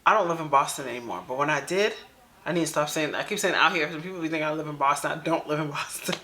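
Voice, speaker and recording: Woman reaction host, bright forceful voice, emphatic slangy commentary. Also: low-pitched, quick pace.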